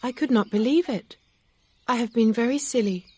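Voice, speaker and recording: An earnest young gentlewoman , voiced by a woman reading aloud, speaks up in a lifted, clear tone. Her lines sit higher and fuller than the storyteller's low narration. The delivery is a sincere audiobook reading. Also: moderate pace.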